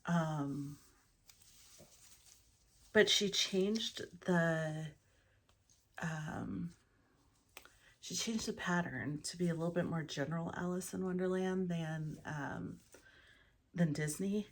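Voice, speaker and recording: A woman with a voice on the low side speaks slowly, pausing often, as she casually shows and talks about her cross-stitch projects. It's her morning voice; she rambles with plenty of ums and keeps dropping to a whisper.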